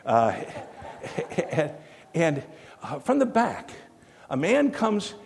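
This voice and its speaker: A man's voice: fairly high pitch, huge pitch swings, extremely slow, gravelly, slight background noise. An older man telling a rambling story in a sermon, full of fillers and restarts, recorded in a church. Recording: long hall reverb.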